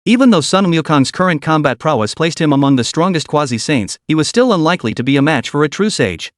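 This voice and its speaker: A man narrating a scripted story recap in an even storytelling delivery. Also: a little high, fast talker, no room sound, studio quality.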